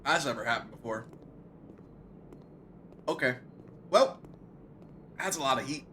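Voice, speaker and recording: A man's voice: medium pitch, animated, unhurried, pushed and bright, slight background noise. A male streamer in pain from hot sauce, groaning, yelping and repeating himself with watering eyes. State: eyes watering, mouth burning. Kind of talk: live game stream chat.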